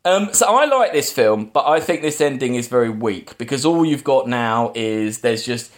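A man hosting a relaxed film podcast, his voice sitting in an ordinary middle pitch. He recaps the plot in a loose, rambling way, stopping and restarting and leaning on filler words. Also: moderate pace. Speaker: podcast host. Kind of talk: casual film chat.

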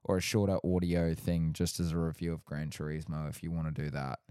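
Young man, very low voice, podcast co-host, wry teasing chat, dry close sound. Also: level tone, a little fast, mellow, clear, resonant tone, dry recording.

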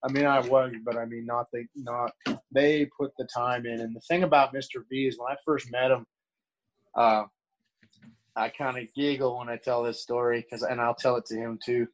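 A middle-aged man talks with a mid-range pitch, sharing candid stories. He rambles, restarting sentences and leaning on fillers. Now and then he acts out the voices of people in his stories. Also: level tone, moderate pace, poor audio. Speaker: guest, former pro hockey player. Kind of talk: casual storytelling.

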